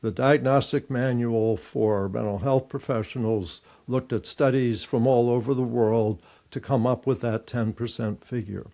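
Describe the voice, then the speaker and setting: In this interview, an older man who works as a therapist and writes books gives careful, explanatory replies while reasoning out loud. He speaks at a medium pitch with fairly even intonation and a warm tone.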